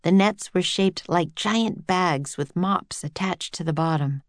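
A woman narrating a children's adventure audiobook in a clear storytelling voice. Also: fairly low pitch, unhurried, dry recording.

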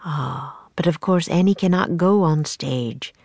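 A woman's voice: low-pitched, a little slow, darkish tone, no room sound. Woman reading a courtly old-fashioned playwright. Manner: courtly, archaic phrasing. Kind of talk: storybook reading.

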